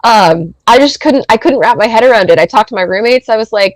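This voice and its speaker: Woman in her thirties, podcast guest, chatty and animated storyteller, dry close sound. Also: a little high, a little fast, few pauses, dry recording, poor audio. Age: 30s. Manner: animated, rambling, heavy use of filler words. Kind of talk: casual storytelling.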